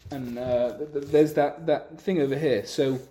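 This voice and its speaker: Guy giving a torah talk, tells a story, lots of stops and restarts, middle pitch. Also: fairly even intonation, dark tone. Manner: halting, many restarts, acts out quotes. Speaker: religious teacher.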